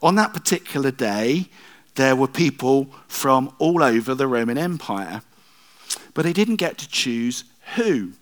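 Man, middle-aged, pastor, relaxed sermon, wry asides, medium pitch. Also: unhurried. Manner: conversational, self-deprecating asides.

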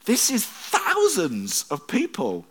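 A man preaching a conversational sermon with wry asides, slowing down when he quotes verses. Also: sits high, wildly swooping pitch, slightly rough.

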